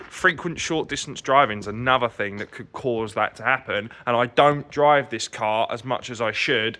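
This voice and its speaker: Chatty man, bright voice. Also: mid-range voice. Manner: chatty, explains as he works. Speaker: car vlogger. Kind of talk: casual how-to vlog.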